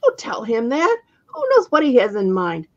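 A woman reading aloud, voicing a cranky, raspy old witch who snaps and scolds. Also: fairly high pitch, wildly swooping pitch, moderate pace, a little mellow, dull audio, pitched above the performer's own voice, heavily acted. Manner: snappish, scolding.

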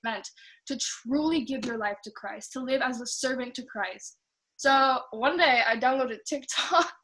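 A young woman giving a rambling personal faith testimony on a video call, chatty and quick to laugh. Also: high voice, fairly bright tone. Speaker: testimony speaker.

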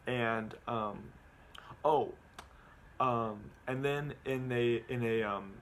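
A man's voice: medium pitch, fairly even intonation, slow, a little hiss or hum. A man casually recapping a movie at home, stumbling over his words with lots of ums and repeats.

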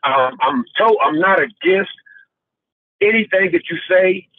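A man on a tinny phone line, his voice husky and dry, giving an emotional testimony close to tears. He talks earnestly and haltingly, with many fillers and repeats. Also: sits high, no room sound. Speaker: caller in online fellowship.

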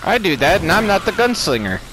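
A man's voice: high voice, sing-song, a little fast, background noise. A man chatting casually and joking with profanity while he plays a game. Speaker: gamer. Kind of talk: casual gameplay chat.

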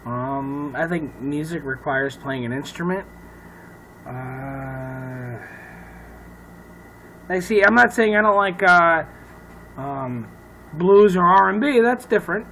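A man who is a comedian, rambling loudly and profanely in a casual talk to camera. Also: fairly high pitch, slight background noise, rough recording. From Irish heritage. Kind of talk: casual off-the-cuff chat to camera.

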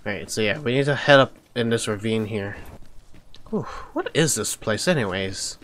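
A young man giving excitable gameplay commentary, laughing, shouting and trash talking enemies over game music. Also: fairly low pitch, moderate pace, slight background noise. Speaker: gameplay streamer.

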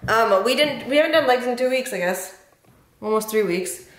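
A chatty young woman vlogging in a casual, storytelling way, with a fairly high voice. She tends to draw out some words and laugh partway through sentences. The sound is echoey, as if recorded in a bare room. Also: animated, moderate pace. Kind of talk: casual vlog chat.

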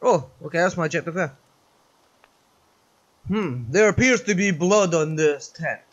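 A man's voice: fairly high pitch, expressive, measured pace, muffled recording. A man hosting a let's play, chatting and joking as he goes. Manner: chatty, jokey, rambling. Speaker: gaming channel host.

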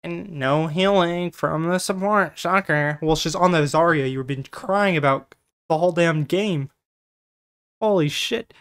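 A streamer reacting to a game clip in disbelief, dropping curses and rapid-fire asides. The speech swings between fast rants and trailing mutters. The voice is casual and unpolished. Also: medium pitch, fairly bright tone, clean tone. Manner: incredulous, swears often, quick bursts. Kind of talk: reaction commentary.

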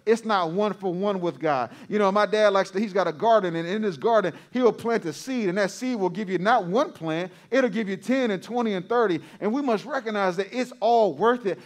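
A male pastor preaching a sermon to his congregation, repeating phrases for emphasis and calling out to the crowd. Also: high-pitched.

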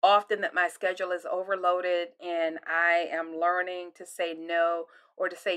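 An older woman pastor giving a devotional sermon, delivered expressively, with her voice swinging from loud emphasis to hushed near-whispers. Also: on the low side, level tone, unhurried, few pauses, smooth.

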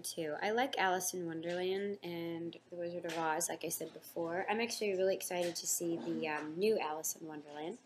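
A young woman hosts a casual live fan Q&A, reading each question aloud before answering it in a chatty, upbeat way. Her voice sits a little low for a woman. A faint hum of background noise sits under the live-stream mic. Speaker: host of a live fan chat.

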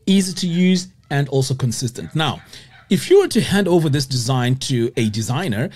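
A man teaching web design as he walks through a screen-share software tutorial, explaining each step and checking in with "okay?" often. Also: mid-range voice, big pitch swings, moderate pace, slightly rough.

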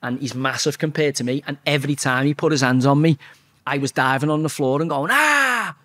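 A man's voice: medium pitch, fairly even intonation, quick pace, fairly bright tone. A man in his forties, a former footballer telling a story as a podcast guest, blunt and heavily profane. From England. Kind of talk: casual storytelling.

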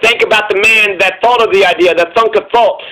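A man with a high-pitched voice rants about politics on his own channel. His tone is bright and sharp, and his delivery is profane, repetitive and heated. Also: brisk, rough recording. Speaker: commentary channel host. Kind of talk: angry political rant.

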